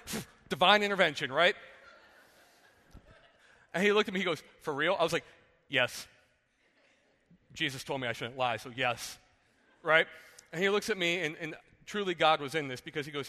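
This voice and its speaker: Pastor, 30s, from New Jersey; high, bright voice, animated sermon storyteller, recorded in a reverberant hall. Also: male voice, moderate pace, pauses often. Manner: animated storytelling, jokey asides, acts out quotes. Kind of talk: sermon with personal stories.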